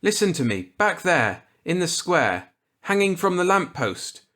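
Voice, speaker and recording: A man voicing a panicked middle-aged shopkeeper, pleading and shouting in desperation. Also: sits high, big pitch swings, unhurried, pitched above the performer's own voice, exaggerated voice. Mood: shaken.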